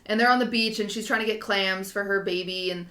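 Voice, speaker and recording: A young woman in her twenties tells a story on a casual podcast, rambling in an animated way and full of fillers. Her voice is bright and clear, at a middle pitch. The room around her sounds echoey. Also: a little fast. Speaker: podcast co-host. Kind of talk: casual chat.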